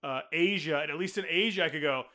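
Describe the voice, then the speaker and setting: Bright-voiced American man hosting. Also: a little high, quick pace. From United States. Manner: laughing, animated storyteller. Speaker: podcast host. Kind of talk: casual chat.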